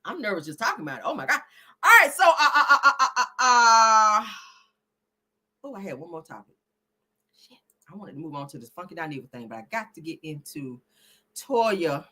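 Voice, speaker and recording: A brash woman hosting a gossip live stream, her husky voice bright and forceful, swinging up and down in lively pitch. She is profane and quick to laugh, and she keeps calling out to her viewers. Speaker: host. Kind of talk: casual gossip commentary.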